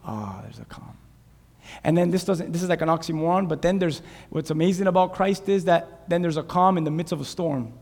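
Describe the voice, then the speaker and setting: A pastor with a notably high voice delivers an animated sermon, quizzing his congregation as he goes. His words ring through a long church-hall reverb, picked up on a clip-on lapel mic. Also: fast talker, few pauses. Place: church sanctuary.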